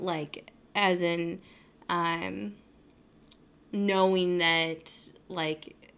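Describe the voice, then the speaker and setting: A woman's voice: mid-range voice, measured pace, creaky, a bit bright. A young adult woman hosting her own podcast, talking casually in a rambling way, full of fillers and self-corrections. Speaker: podcast host. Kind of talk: casual solo podcast talk.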